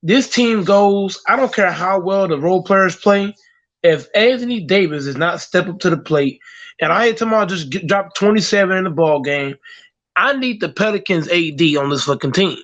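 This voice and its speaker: A high-voiced man delivers heated sports opinions, hammering his points with repetition and profanity. The sound is muffled and lo-fi, like a call-in to an online show. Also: expressive, normal speed, a bit bright.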